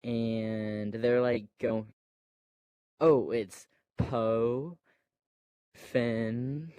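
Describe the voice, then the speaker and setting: A man's voice: medium pitch, fairly even intonation, extremely slow, mellow, clean tone, no room sound. A man casually retelling a movie plot, hesitant and meandering, full of fillers and restarts, with playful sound effects. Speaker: storyteller.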